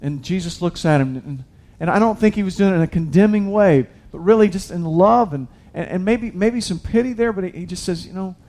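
A man's voice: high voice, brisk, few pauses, warm tone. A man preaching a sermon in a casual, conversational way, talking to the congregation directly and restarting his sentences often. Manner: conversational preaching, addresses listeners as guys, many restarts. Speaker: pastor.

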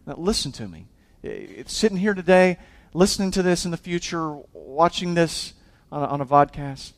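This high-pitched male pastor preaches expressively at a moderate pace. He shifts from booming exhortation to hushed fervor and keeps restarting and repeating phrases.

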